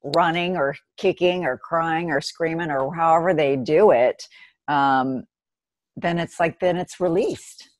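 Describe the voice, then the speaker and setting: A woman guest in a casual conversation, reflective and thoughtful, turning animated when she jokes. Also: deep voice, a little slow, dry recording.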